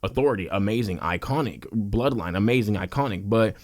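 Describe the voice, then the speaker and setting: A man's voice: on the low side, expressive, a little fast. A young man hosting a wrestling podcast, ranting passionately in a casual, worked-up way and repeating himself for emphasis. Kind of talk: casual opinion rant.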